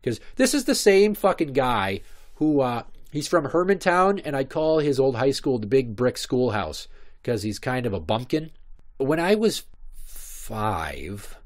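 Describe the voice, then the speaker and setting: A man in his thirties holds forth on a solo podcast. His voice sits in a middle pitch, and he swears freely as he rambles from one comic story to the next. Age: 30s. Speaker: podcast host. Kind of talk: casual comic monologue.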